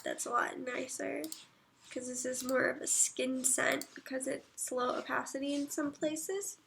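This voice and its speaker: Female streamer, high voice with vocal fry, unhurried casual chat, reads comments aloud. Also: steady tone, slight background noise. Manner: reads viewer comments aloud and murmurs soft asides. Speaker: livestreamer.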